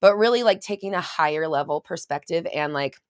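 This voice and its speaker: Woman host, low voice, casual chatty live-stream rambler, dry close sound. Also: a little fast, clean tone, no echo. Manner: rambling, chatty, reads viewer comments aloud.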